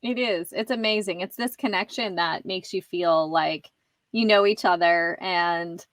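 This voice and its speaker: A woman's voice: lowish voice, unhurried, a bit bright, dry recording. A woman hosting a casual podcast interview. She is chatty and often laughs between phrases. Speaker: podcast host.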